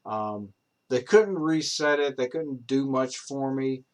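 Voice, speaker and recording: Young man spinning a loose anecdote in a mid-range voice, halting and profane. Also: mid-range voice. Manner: rambling, many fillers and restarts, swearing. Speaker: improv storyteller. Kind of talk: casual rambling anecdote.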